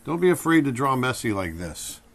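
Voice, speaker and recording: A middle-aged man leads a drawing tutorial while he sketches, talking in a relaxed, conversational way at a mid pitch. He breaks into short acted-out exclamations to show the emotions he is drawing. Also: fairly quick, vocal fry. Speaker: drawing instructor.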